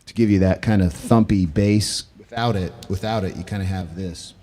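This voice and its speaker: A man's voice: sits low, normal speed, warm tone. A male live-looping musician walking through his gear in a loose, self-correcting way while he plays. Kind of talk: casual gear demo. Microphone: vocal stage mic.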